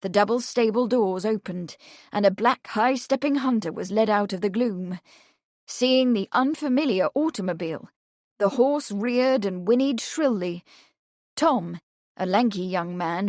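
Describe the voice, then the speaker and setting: A woman narrating a period mystery audiobook in a steady storytelling voice. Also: mid-range voice, no room sound, studio quality.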